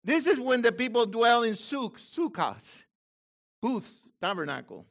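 An older man teaching from the Bible in an excited, exclamatory way, with bursts of shouting. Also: very high-pitched, a little slow, creaky. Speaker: preacher.

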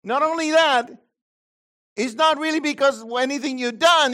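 A man preaching a sermon as pastor, swinging between loud high emphasis and low quiet asides. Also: moderate pace.

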